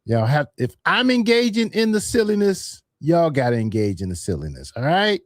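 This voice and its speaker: A man's voice: fairly high pitch, sing-song, normal speed, no echo, clean studio sound. A man hosting a live stream in a casual, chatty way, calling out poll votes to viewers. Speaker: livestream host.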